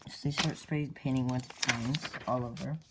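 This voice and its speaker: A storyteller rambling casually through a made-up comic plot, with fillers and quick character voices. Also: mid-range voice, steady tone, very noisy.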